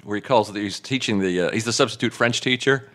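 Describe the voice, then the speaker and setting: A man's voice: fairly low pitch, fast, fairly bright tone. A man co-hosting a podcast, asking fan-like questions with some fumbling restarts. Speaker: podcast host. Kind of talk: interview questions.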